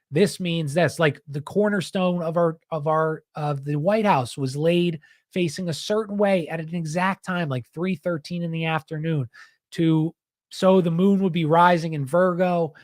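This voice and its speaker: A man's voice: a little high, dry recording, studio quality. A man hosting a podcast, talking in a rambling, heated, casual way and often saying "dude". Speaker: podcast host.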